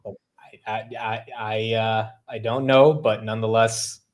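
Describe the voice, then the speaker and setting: A man's voice: on the low side, level tone, measured pace. A man hosting a market show, reading headlines and chatting casually. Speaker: host. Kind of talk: market news chat.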